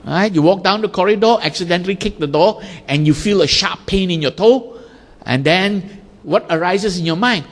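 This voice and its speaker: A man with a high voice teaches a Buddhist class at normal speed, and the room leaves a long reverb tail. He explains ideas with everyday examples, acting out little scenes in lively quoted voices.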